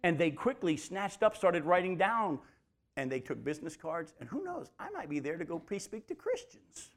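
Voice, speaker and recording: Male preacher, a little higher-pitched than most, casual and chatty, keeps asking listeners questions. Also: moderate pace. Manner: lively, asks the listeners rhetorical questions; conversational, addresses listeners as folks. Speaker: preacher and Bible teacher. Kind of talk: sermon, verse-by-verse Bible teaching.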